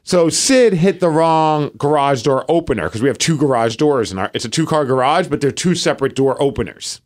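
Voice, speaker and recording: A man in his thirties co-hosting a podcast, telling a story in lively casual chat and acting out quotes. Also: a little high, fairly quick. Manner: animated storytelling, acts out quotes. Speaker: podcast co-host.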